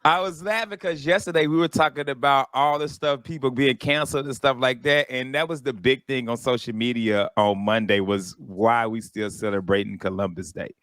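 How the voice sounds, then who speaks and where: A man co-hosting a comedy radio show who jumps in eagerly with excited remarks. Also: mid-range voice, moderate pace, few pauses, dry recording, clean studio sound. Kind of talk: comedic banter.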